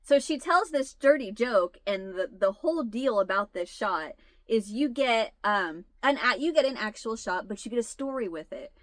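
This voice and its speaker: A woman's voice: a little high, expressive, normal speed, fairly bright tone, no room sound. A woman in her forties telling a long funny family story to her viewers in casual chat, laughing her way through it. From United States. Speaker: channel host.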